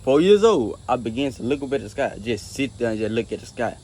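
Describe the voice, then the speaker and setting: A man casually telling a personal faith testimony, rambling and repeating himself with many restarts, earnest and soft-spoken in places. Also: medium pitch, very animated, a little fast, slightly rough. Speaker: storyteller sharing a faith testimony.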